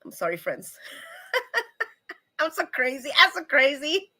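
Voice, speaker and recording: A woman's voice: high-pitched, big pitch swings, slow pace, pushed and bright. A bubbly, effusive woman hosting a casual live stream and chatting with viewers. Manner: bubbly and effusive, with frequent laughs. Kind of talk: casual live chat reading viewer comments.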